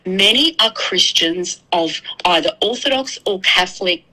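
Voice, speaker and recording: Earnest Australian woman guest, bright and forceful, restarts her sentences. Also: fairly low pitch, expressive, poor audio. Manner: earnest, halting, many restarts. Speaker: guest commentator. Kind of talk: casual talk show discussion.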